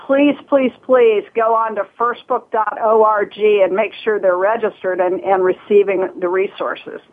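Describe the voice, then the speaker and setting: A woman from Southern Ohio talks earnestly as a guest, breaking off and restarting her sentences with plenty of fillers. Her voice sits a little high and has a husky edge. It comes through a thin, tinny phone line. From Southern Ohio, USA. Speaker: guest, nonprofit leader. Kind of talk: casual interview talk.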